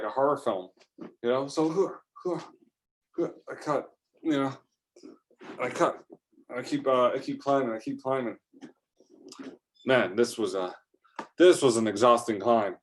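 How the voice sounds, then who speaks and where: A man spins an improvised first-person adventure story at an ordinary, mid-range pitch. He rambles and restarts, piling on fillers as he excitedly relays each twist.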